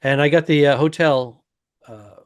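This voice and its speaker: A middle-aged comedian with a fairly high voice throws teasing, deadpan jabs at his co-host. He brags between the jokes. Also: normal speed, smooth, no room sound. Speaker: stand-up comedian and podcast co-host. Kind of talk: casual comedic chat.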